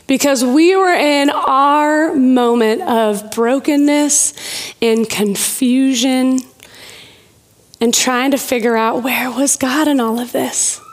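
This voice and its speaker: Woman preacher w a high voice, slow easy sermon, chatty little jokes. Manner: personal storytelling, playful asides.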